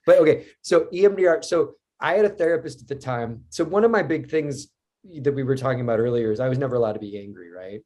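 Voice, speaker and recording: A man's voice: medium pitch, quick pace, a little mellow. A man as a podcast guest, speaking candidly and reflectively in casual conversation.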